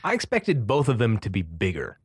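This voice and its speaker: A man's voice: fairly low pitch, huge pitch swings, brisk, breathy edge, no echo, clean studio sound. A man co-hosting a casual movie chat, making wry, sarcastic asides. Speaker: podcast co-host.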